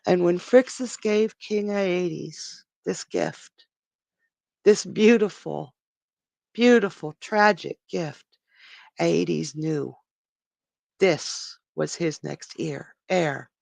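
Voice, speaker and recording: A storyteller on a live stream, narrating a myth dramatically, with pauses and restarts. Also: medium pitch, vocal fry, darkish tone, no echo.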